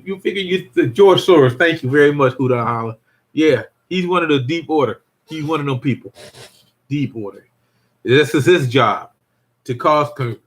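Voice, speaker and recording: Older male streamer, slightly high voice, rambling casual monologue. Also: fairly bright tone. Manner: rambling, repeats himself, greets viewers by name. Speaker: livestream host.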